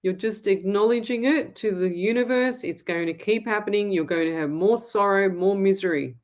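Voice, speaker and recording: A woman's voice: medium pitch, moderate pace. An Australian woman hosting a live-stream, reading out viewer comments and answering them in a blunt, emphatic way. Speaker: psychic medium host.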